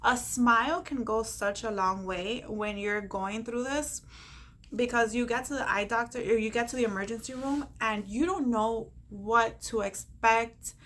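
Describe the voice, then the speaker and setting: Bright-voiced woman telling her story. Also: a little high, measured pace. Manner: animated, acts out quoted dialogue, laughs often; encouraging, faith-filled pep talk. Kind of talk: personal storytelling to camera.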